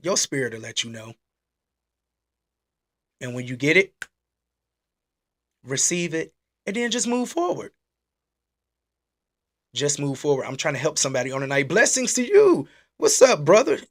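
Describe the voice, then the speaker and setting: A man hosting a casual church-style live talk. He is animated and exclaiming, and he repeats his questions. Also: fairly high pitch, moderate pace, pauses often. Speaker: host. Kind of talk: casual preaching live stream.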